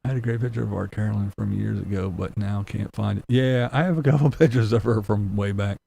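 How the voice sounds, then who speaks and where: A man's voice: fairly low pitch, fast, creaky, warm tone, husky. A man hosting a casual livestream, reading comments aloud and ranting bluntly with profanity and chuckles. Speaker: livestream host.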